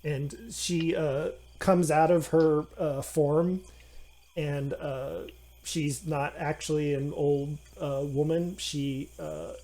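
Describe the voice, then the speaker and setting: A man narrating a tabletop game as game master, halting with many fillers and restarts. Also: on the high side, steady tone, gravelly, warm tone.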